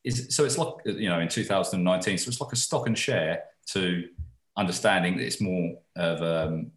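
A man's voice: deep voice, moderate pace, roomy sound. A man in casual podcast chat as a guest, rambling and swearing casually.

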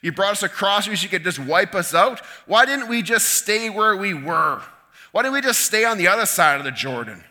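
A man's voice: high-pitched, expressive, moderate pace, pitched above the performer's own voice, exaggerated voice. A man voicing a distraught male leader who cries out to God in pleading questions. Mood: anguished. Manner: pleading, shouting rhetorical questions.

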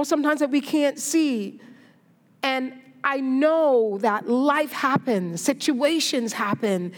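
A woman preacher giving a sermon, telling a story and encouraging her listeners in an earnest way. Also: fairly high pitch. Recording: echoey hall reverb.

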